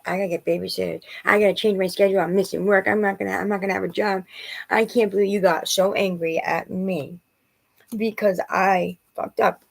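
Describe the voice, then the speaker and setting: A woman's voice: on the low side, vocal fry, breathy edge. A woman in her forties talking straight to the camera in a rambling, emotional personal vlog, often restarting her sentences as she vents. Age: 40s. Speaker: vlogger.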